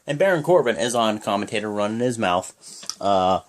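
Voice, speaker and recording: A man giving a casual, rambling play-by-play recap of a wrestling show. He strings events together with "and then" and "pretty much" and jumps into higher bursts on big moves. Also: animated, brisk.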